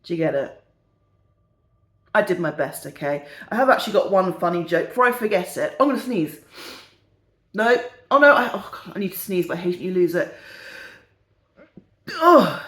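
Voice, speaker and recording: A woman's voice: lowish voice, animated, moderate pace, pauses often, fairly bright tone, echoey room. A middle-aged woman, chatting casually and joking in a rambling, giggly way as a perfume vlogger. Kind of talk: casual chat.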